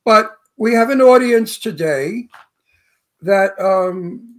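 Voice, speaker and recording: A man's voice: high voice, slow. A man with a thick Brooklyn accent co-hosts a casual radio talk show. He tells his stories bluntly and with animation, swearing freely along the way. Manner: blunt, animated storytelling with profanity. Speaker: co-host.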